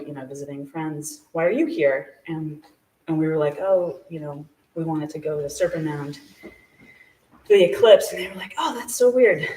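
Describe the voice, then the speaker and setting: There's a slight hiss or hum as a guest, voice medium-pitched and a little mellow, recounts something personal at a live event held in a small shop. The talk is chatty and laugh-filled, heavy on "like" and other fillers; the recording is echoey and distant.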